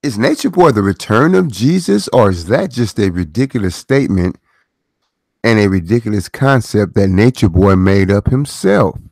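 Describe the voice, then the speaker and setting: A man's voice: fairly low pitch, expressive, normal speed, creaky, darkish tone, no room sound, studio quality. A middle-aged man hosting his own commentary channel, talking in a preachy way with rhetorical questions and repeated phrases. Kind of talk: casual commentary monologue.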